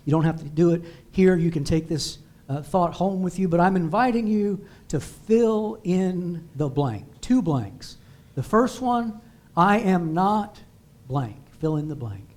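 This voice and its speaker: A man's voice: sits high, expressive, measured pace, darkish tone. A man preaching as pastor in a church, building emphatic repeated declarations. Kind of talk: sermon. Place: church sanctuary.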